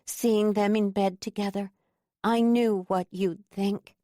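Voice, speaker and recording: A woman's voice: medium pitch, fairly even intonation, takes it slowly, mellow, no echo, clean studio sound, natural voice. Woman putting on a pleading, defensive young woman. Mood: bitter. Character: insistent jealous young woman, anxious to please.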